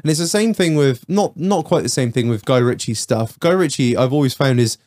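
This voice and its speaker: A man's voice: medium pitch, fairly quick. A man hosting a podcast, telling stories in casual banter, laughing and swearing often. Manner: laughing, swearing, lively storytelling. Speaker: podcast host.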